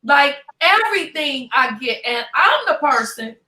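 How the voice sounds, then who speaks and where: A woman's voice: sits high, very animated, measured pace, over a noisy crowd. A woman co-hosting a casual chat, speaking frankly and emphatically with jokes. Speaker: co-host. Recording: echoey room, distant from mic.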